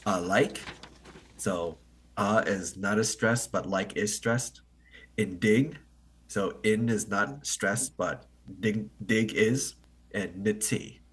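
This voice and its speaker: Husky-voiced guy walking learners through a poem, really slow, thinking out loud. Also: fairly low pitch. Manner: halting, thinks aloud, often checks with "right?". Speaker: host of an online English conversation meeting. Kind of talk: explaining poetry to language learners.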